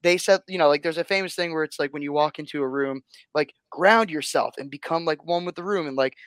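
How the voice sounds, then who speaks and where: Guy chatting on a podcast, kinda higher voice, acts out quotes, dry mic. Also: fast talker, clear, resonant tone, no room sound. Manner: animated storyteller, acts out quotes with big swings. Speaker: guest. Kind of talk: casual chat.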